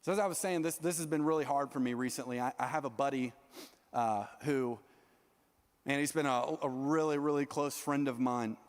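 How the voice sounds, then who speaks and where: A young man preaching a sermon as youth pastor, earnest and animated, often restarting his sentences. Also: mid-range voice, normal speed, big-room sound.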